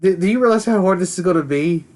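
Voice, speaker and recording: A man's voice: sits high, fast talker, a little mellow, a little hiss or hum. Casual young man playing a tabletop game. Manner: casual, hesitant. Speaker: player. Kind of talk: casual play.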